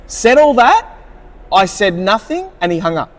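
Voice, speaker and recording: A man's voice: high-pitched, very animated, measured pace, long reverb tail. A man, co-hosting a casual chat, telling stories earnestly and with animation. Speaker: podcast co-host, car salesman.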